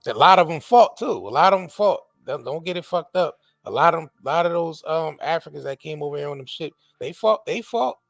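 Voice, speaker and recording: A man hosting a podcast, talking in a casual, profane, animated way with many restarts. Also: on the high side, brisk, creaky, hardly any pauses, dry recording, studio quality, faint music behind. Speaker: podcast host. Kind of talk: casual chat.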